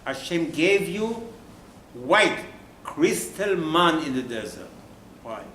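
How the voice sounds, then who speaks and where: Male rabbi, sermon, fairly high voice, rhetorical questions, echoey room, faint background noise. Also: big pitch swings, takes it slowly, pushed and bright. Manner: emphatic, with rhetorical questions and sudden drops to near-whisper. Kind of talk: Torah sermon.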